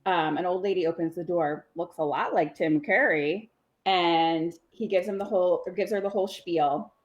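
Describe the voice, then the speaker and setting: A woman's voice: on the low side, normal speed, highs cut off. A woman co-hosting a livestream, casually retelling a horror episode with profanity and laughter. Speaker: co-host and storyteller. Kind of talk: casual comedic story retelling.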